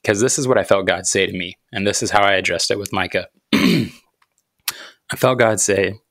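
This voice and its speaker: A man's voice: fairly low pitch, creaky, fairly bright tone, no room sound, clean studio sound. A man in his thirties, a podcast host telling a personal story about faith and parenting in an earnest, reflective way. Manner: earnest, reflective, unhurried, with thoughtful pauses.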